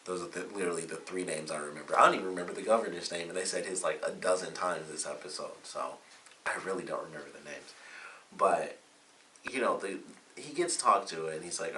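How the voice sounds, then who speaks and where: Recapping a TV episode in a casual, filler-heavy ramble, this man speaks quickly in a low, sharp voice. The mic is distant, the room echoes, and there's a faint hiss.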